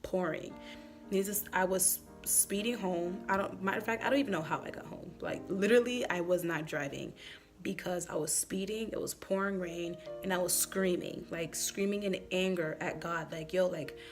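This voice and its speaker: A woman's voice: fairly low pitch, moderate pace, over music. Heartfelt woman sharing her testimony. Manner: heartfelt, conversational, with many fillers like "like" and "um". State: tearful at times. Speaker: church member sharing a personal testimony. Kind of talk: emotional personal testimony vlog.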